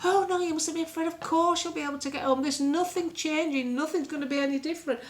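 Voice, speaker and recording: Brief: a woman playing a kindly young female clerk, high and soothing. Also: fairly even intonation, fast talker, slight background noise, lightly acted. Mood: reassuring. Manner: soothing, reassuring. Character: young friendly woman at ferry desk.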